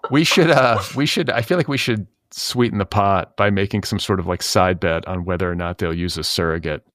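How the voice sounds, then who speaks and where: A man's voice: low-pitched, brisk, fairly bright tone, no room sound, clean studio sound. A middle-aged man co-hosting a podcast in casual chat, wry and rambling with lots of filler words. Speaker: podcast co-host.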